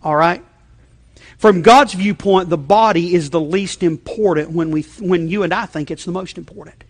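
A male pastor preaching a sermon in a conversational way, checking in with the congregation and shifting between loud emphasis and quiet asides. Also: sits high, moderate pace. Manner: conversational, repeating check-ins, frequent restarts.

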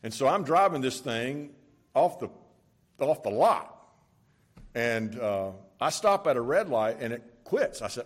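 A man's voice: a little high, very animated, normal speed, breathy edge. A man preaching a sermon in a conversational, storytelling way, stressing points by repeating them. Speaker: pastor.

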